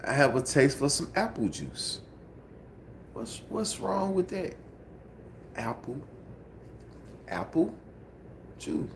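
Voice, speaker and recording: A man's voice: on the high side, lively intonation, unhurried, creaky, a little hiss or hum. A man with a Memphis accent chatting casually on a phone livestream at home, sleepy and laid-back, with a repetitive, mumbled drawl. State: sleepy, just woke up.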